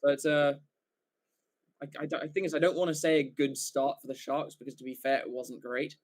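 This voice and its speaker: A man commentates a rugby match live for his stream's viewers, speaking in a slightly higher register than most men. He sounds like an invested fan rather than a broadcaster, excitable and loose, dropping the odd swear word and correcting himself as the play unfolds. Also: fairly quick. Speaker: watchalong commentator.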